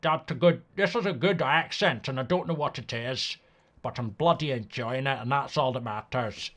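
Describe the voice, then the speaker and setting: A man's voice: mid-range voice, moderate pace, a bit bright. A middle-aged man, hosting a football watchalong in a rambling, sweary, casual live-stream chat.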